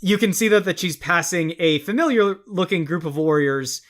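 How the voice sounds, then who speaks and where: A man's voice: sits high, moderate pace. A man narrating a tabletop game as game master, descriptive and laughing often.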